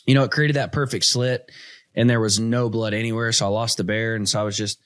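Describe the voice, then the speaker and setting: A man in his thirties hosting a casual chat, telling hunting stories with lively, slangy energy. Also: lowish voice, fairly quick, no echo. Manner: animated storyteller, says "dude" and "stinking". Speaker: podcast host.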